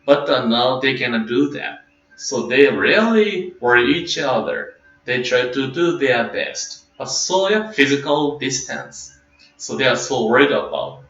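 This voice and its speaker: A man, a Buddhist minister, giving a dharma talk sermon as a halting story with many fillers. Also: medium pitch, expressive, fairly bright tone. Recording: roomy, dull lo-fi recording.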